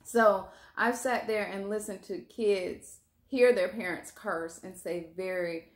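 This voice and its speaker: A woman relationship coach chatting casually with her husband, telling animated stories and laughing often. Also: mid-range voice, slow pace. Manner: animated storytelling, acts out quotes, laughs often. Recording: roomy echo.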